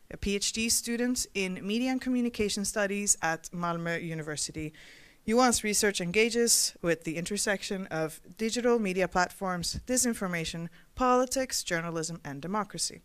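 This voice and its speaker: A woman moderating a panel discussion, reading an introduction in a measured way. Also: medium pitch, smooth. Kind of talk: scripted introduction, then moderating.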